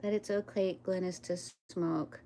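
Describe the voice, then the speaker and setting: A woman's voice: fairly low pitch, steady tone, measured pace, creaky, dark tone. A woman chatting casually on a live stream, rambling, laughing often and talking to her pets and viewers.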